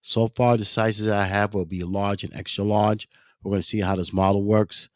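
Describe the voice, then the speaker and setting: In a lowish, level voice at normal speed, the man rambles casually through his own podcast, catching and correcting himself while speaking to the ladies and gentlemen listening. The audio is dry and studio-clean.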